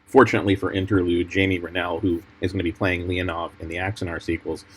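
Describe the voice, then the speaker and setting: A film editor walks through his cuts in a measured, explanatory tone. His voice is very deep and husky. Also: flat delivery, poor audio. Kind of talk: commentary over film clips.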